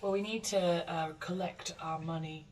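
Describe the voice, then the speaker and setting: A woman's voice: deep voice, normal speed, recorded from a distance, slight background noise. A woman playing a tabletop game, joking and laughing between lines. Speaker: player. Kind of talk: casual tabletop game play.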